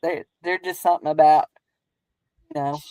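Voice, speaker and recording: A woman's voice: low-pitched, fairly even intonation, moderate pace, warm tone, no echo, low-quality recording. A woman with a Southern US accent who hosts a crafting stream, chatting casually in a rambling, folksy way and laughing often. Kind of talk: casual chat while crafting.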